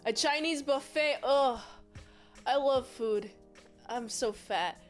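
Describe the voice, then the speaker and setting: High-voiced woman doing a jokey, rambling recap. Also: slow, soft background music. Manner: rambling, jokey and self-deprecating. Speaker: movie reviewer. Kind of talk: casual movie recap.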